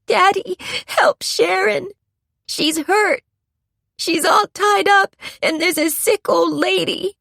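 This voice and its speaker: A woman's voice: extremely high pitch, takes it slowly, vocal fry, a bit bright, dry recording, studio quality, pitched above the performer's own voice, heavily acted. A woman voicing a terrified little boy who is crying and pleading, breathless and sobbing in an audiobook.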